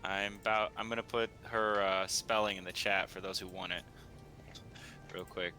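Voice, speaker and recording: Bright-voiced male game master. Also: sits low, steady tone, normal speed, faint music behind. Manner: casual, rambling with many fillers. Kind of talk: narrating a tabletop game.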